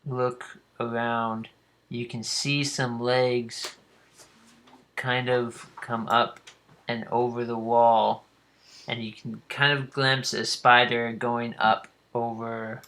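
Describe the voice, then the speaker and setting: A man running a tabletop game as game master, describing the scene in an unhurried way with frequent ums. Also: mid-range voice, flat delivery, sharp tone.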